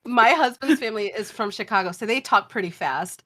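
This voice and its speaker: A woman from the South, a podcast guest telling long, animated stories in casual chat and swearing freely. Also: medium pitch, fairly quick.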